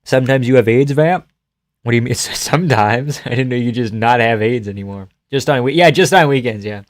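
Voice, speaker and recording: A young man from the Boston area talks loosely on his live stream, answering comments with crude, joking asides and frequent swearing. His voice sits at an ordinary middle pitch. The sound is dry, with no room echo. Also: brisk. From Boston area, USA. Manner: joking, profane, laughs often. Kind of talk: casual live-stream chat, reading comments aloud.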